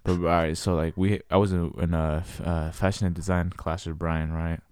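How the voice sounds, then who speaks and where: A man's voice: low-pitched, normal speed, clean tone. A young man telling school stories in casual, slangy chat, acting out the people in them. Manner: slangy storytelling, animated impressions.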